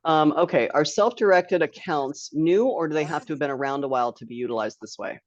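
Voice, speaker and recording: A woman's voice: sits low, brisk, no echo. A woman hosting a live webinar in a chatty, casual way, with laughing asides, heard over a video call. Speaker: webinar host. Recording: dull lo-fi dry online stream.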